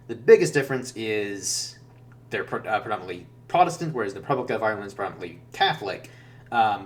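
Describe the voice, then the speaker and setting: A man vlogging casually about his travels, rambling with lots of fillers and self-corrections. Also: fairly low pitch. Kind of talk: casual chat. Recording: distant mic with faint hum.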